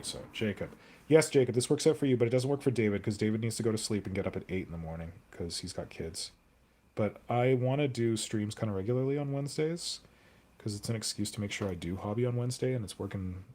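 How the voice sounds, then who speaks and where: A man's voice: on the low side, darkish tone, slight background noise. A young man chatting casually on a live stream while he sculpts, rambling and answering viewer comments aloud.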